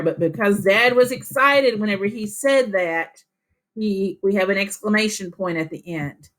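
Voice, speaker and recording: A woman teaching a reading lesson to young children, speaking in a patient, deliberate and encouraging way. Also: medium pitch. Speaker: elementary school teacher.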